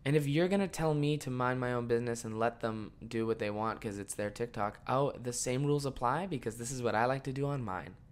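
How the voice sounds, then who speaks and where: A young man hosting a podcast, ranting casually and swearing a lot, swinging from mumbled asides to loud exasperated outbursts. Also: medium pitch, brisk, hardly any pauses. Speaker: podcast host.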